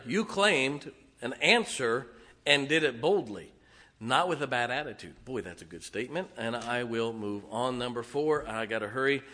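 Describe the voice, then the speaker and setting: A man's voice: mid-range voice, pushed and bright. A man preaching a sermon in a conversational, emphatic way, chuckling and acting out little quotes as he goes. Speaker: pastor.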